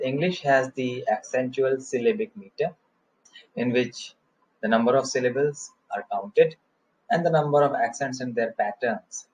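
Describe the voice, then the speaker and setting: A man teaching English poetry in a recorded lecture, explaining terms slowly and chanting verse lines in a measured rhythm. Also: medium pitch, rough recording.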